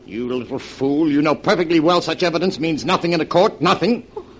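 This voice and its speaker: An actor playing a scheming husband in an old radio drama, smooth-talking and turning sharp and urgent when pressed, on a dull lo-fi recording. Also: male voice, on the low side, sing-song, moderate pace, a little hiss or hum. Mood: urgent, threatening. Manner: smooth, then sharp and tense when cornered. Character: scheming husband, middle-aged man, guilty and menacing. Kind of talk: 1940s radio acting.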